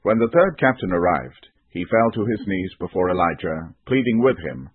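Male scripture reader, low husky voice, solemn, dry tinny lo-fi sound. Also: very animated, normal speed, no echo. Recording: tinny band-limited recording.

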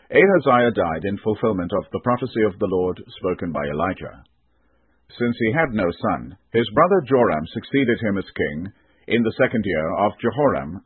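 Male scripture reader, low husky voice, solemn, dry tinny lo-fi sound. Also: lively intonation, moderate pace, no echo. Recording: tinny band-limited recording.

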